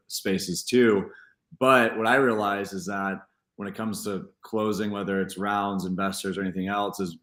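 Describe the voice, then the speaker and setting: A man who is a guest founder, answering in a steady, measured way with occasional fillers. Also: sits low. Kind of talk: conversational interview answer.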